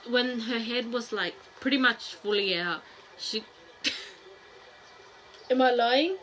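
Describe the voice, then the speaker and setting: A young woman vlogger frankly telling a personal story to camera in a casual, animated way, acting out what people said. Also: a little high, takes it slowly, long pauses, a little hiss or hum. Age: young adult. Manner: frank, animated, acts out quoted voices.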